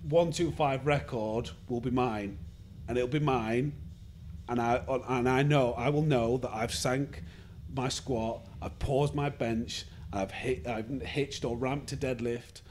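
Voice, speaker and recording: A man's voice: medium pitch, a little hiss or hum. A man talks as a guest on a casual podcast, in a mid-range voice. He speaks earnestly, stumbling over restarts and breaking into laughs. Faint room ambience is audible behind him. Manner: earnest, hesitant, laughs often.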